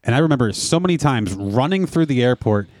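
A man co-hosting a casual podcast, telling an animated, profane story. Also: medium pitch, brisk, no echo, clean studio sound. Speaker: podcast co-host. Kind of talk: casual chat.

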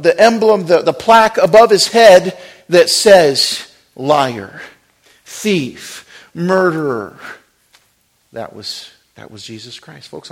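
A man preaching a sermon, dropping to hushed, near-whispered lines and then rising to loud, fervent preaching. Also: fairly high pitch. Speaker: pastor.

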